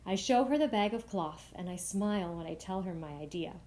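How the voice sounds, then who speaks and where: A woman reading a picture book aloud for young children at storytime, voicing the young narrator with bright, lifted lines. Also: a little fast. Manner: expressive, lifting high for the child's voice. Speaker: storytime reader.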